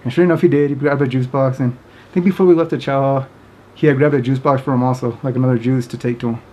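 A man's voice: medium pitch, fairly even intonation, fast talker, darkish tone. A man casually telling a funny story to camera, rambling with many fillers and often breaking into laughter. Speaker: vlogger.

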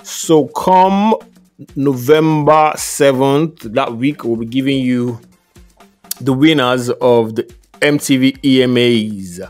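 A man co-hosting a relaxed music podcast, reading through lists of nominees at an easy pace and laughing often. His voice sits in a middle range, and faint music plays underneath. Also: mid-range voice, slow pace. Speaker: podcast co-host. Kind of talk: casual podcast chat.

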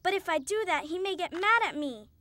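A woman's voice: very high voice, lively intonation, brisk, heavy background noise. A woman voicing Moo Moo, a timid, jumpy young cartoon character who frets and shrieks in panic. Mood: fretful. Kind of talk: children's cartoon voice acting.

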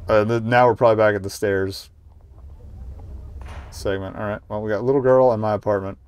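A man's voice: lowish voice, steady tone, fairly quick, clean tone. A man streaming a story game, chatting casually with profane, rambling asides. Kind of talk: casual gaming commentary.

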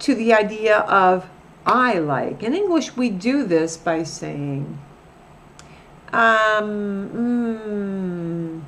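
A woman's voice: mid-range voice, animated, very slow, fairly bright tone. A woman teaching a recorded grammar lesson as a Spanish teacher, patiently repeating example phrases.

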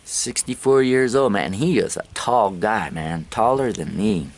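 A man's voice: lowish voice, a little slow. A man vlogging on his travels, telling loose, rambling stories to the camera with plenty of swearing and laughter at his own tales. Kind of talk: casual storytelling to camera.

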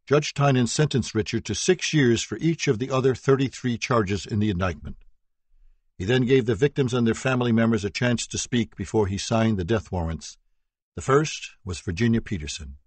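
Husky male true-crime audiobook narrator. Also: lowish voice, lively intonation, moderate pace, no echo.

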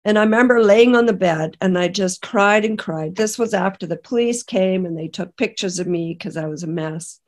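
A middle-aged woman from Canada, a podcast guest, telling an emotional personal testimony in a halting way with many restarts. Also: fairly low pitch. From British Columbia, Canada. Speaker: interview guest.

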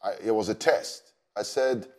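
A man, a pastor, telling a personal story in an earnest, unhurried way with many fillers. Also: on the low side, a little mellow. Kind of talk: storytelling testimony.

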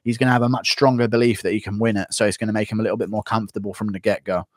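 A man's voice: lowish voice, little pitch movement, very fast, dry recording, studio quality. A young man on a live stream, casually reading out donations and giving blunt fight opinions. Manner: blunt, rambling, reads donations.

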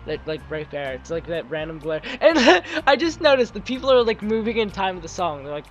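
A man's voice: high-pitched, big pitch swings, fairly quick, few pauses, fairly bright tone. Commentator, male, sore throat: rambling, self-mocking gameplay chatter over faint game music. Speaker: let's play commentator.

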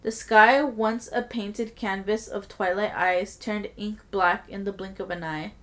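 A woman podcast host reading a creepy story aloud with steady storytelling and blunt, casual asides. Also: medium pitch, unhurried.

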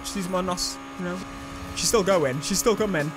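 A young man giving excitable let's-play commentary on a racing game, shouting at rivals as he drives. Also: sits high, normal speed. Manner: excitable, yelling at rivals mid-race. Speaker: gaming YouTuber. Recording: game music and engine noise behind.

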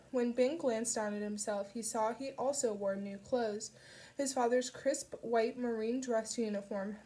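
Woman, audiobook narrator, slightly high voice, scripted storytelling. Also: mellow.

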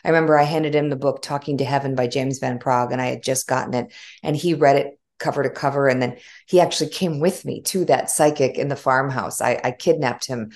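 A middle-aged woman with a Chicago accent, a former journalist telling stories in an animated, conversational interview. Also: rumbling low, brisk. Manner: animated storytelling with frequent laughs. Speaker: guest, former broadcast journalist.

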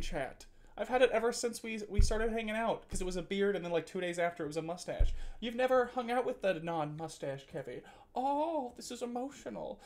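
A man's voice: high voice, animated, moderate pace. A man in his twenties chatting casually on a live stream, rambling and teasing his chat with frequent laughs and filler words. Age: 20s.

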